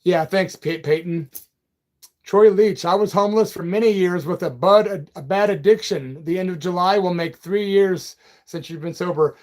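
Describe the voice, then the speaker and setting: A man's voice: high voice, normal speed, a little mellow. A man hosting a casual live chat, reading out viewer comments in a loose, friendly way and calling people brother and man. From Peoria, Illinois. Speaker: livestream and radio host.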